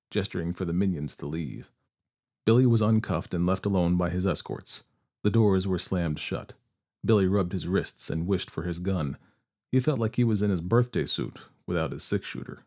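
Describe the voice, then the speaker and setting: Deep mellow male storyteller. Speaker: narrator. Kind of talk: storybook narration.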